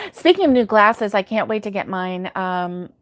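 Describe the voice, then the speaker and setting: A woman's voice: medium pitch, no room sound, studio quality. A sleepy woman hosting a casual live stream, chatting to viewers by name with many ums and laughs. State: sleepy, yawning. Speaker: crochet channel host reading live chat.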